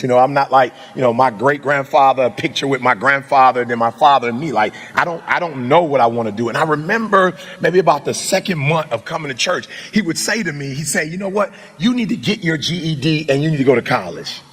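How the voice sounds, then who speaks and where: A middle-aged man from Detroit giving a passionate live motivational speech on a summit stage, building to shouts and repeated phrases. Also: sits high, breathy edge, in a large hall. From Detroit, USA. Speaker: motivational speaker.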